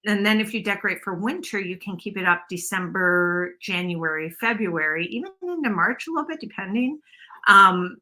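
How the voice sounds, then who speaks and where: A woman's voice: mid-range voice, animated, moderate pace, bright, forceful tone. A woman hosting a casual craft livestream, rambling and self-deprecating as she chats with viewers. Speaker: craft video host.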